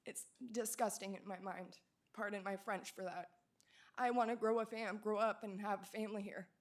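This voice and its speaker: A woman's voice: medium pitch, fairly even intonation, normal speed. A woman in her twenties giving an earnest public comment at a city council hearing, growing emotional and pleading. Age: 20s.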